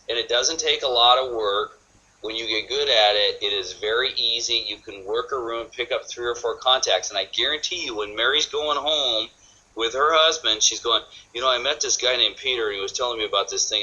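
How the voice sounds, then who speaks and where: A man's voice: mid-range voice, pushed and bright, lo-fi sound. A man from California giving a sales training seminar, acting out both sides of sample conversations.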